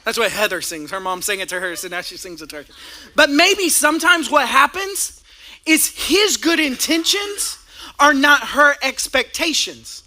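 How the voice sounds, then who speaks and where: A man preaches in a high, bright voice. He is animated and plays out both sides of a couple's everyday squabbles. His delivery is keen and lively throughout. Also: normal speed. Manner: animated, acts out both sides of a couple's quarrel, laughs along. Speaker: pastor. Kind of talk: sermon with acted-out stories.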